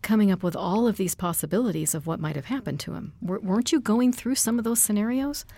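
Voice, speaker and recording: A woman's voice: medium pitch, fast talker, warm tone. Earnest woman host asking with empathy. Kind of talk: interview talk show.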